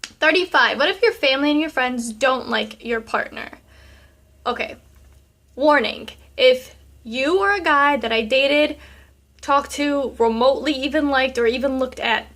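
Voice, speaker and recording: Young woman vlogger, kinda high voice, sassy and chatty, lots of um and like. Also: fairly bright tone. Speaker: vlogger answering viewer questions. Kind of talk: casual chat.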